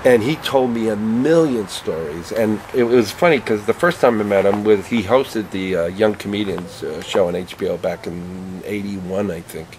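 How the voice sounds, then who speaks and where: A male comedian from Canada telling animated stories in an interview, acting out the people in them. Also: lowish voice, normal speed, few pauses. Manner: animated anecdotes, voices other people. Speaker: comedian guest. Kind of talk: storytelling interview. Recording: background noise, vehicle sounds.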